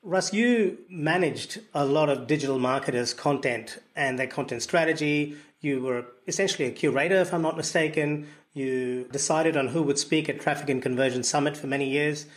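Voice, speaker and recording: A man with a mixed Australian and Indian accent, hosting a podcast in an upbeat, jokey, chatty way. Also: a little high. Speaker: podcast host. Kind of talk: casual interview chat.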